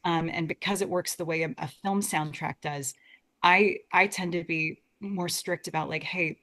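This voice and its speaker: Young woman, American accent, lower pitch, earnest, casual podcast interview guest. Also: fairly even intonation, normal speed, fairly bright tone. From United States. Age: young adult. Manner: earnest, restarts often with repeated words. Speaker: guest, Shakespeare educator.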